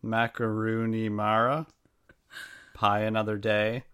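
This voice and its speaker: A podcast co-host with a bright tone and a dry, teasing delivery. Casual banter, reading out a list of puns. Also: medium pitch, flat delivery, takes it slowly, clear, resonant tone.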